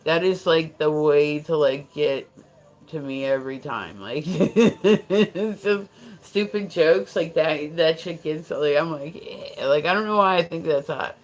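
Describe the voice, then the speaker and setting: A woman's voice: sits low, unhurried, poor audio. An American woman hosting a livestream, chatting casually and rambling with many restarts and fillers. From United States. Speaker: livestream host. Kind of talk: casual chat.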